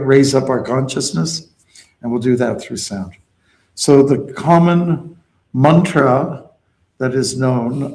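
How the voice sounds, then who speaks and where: Leading kirtan, a man teaches a devotional mantra in call-and-response style, explaining it patiently and giving chant lines for others to repeat. He has a medium pitch and a slightly mellow voice, heard over rough audio.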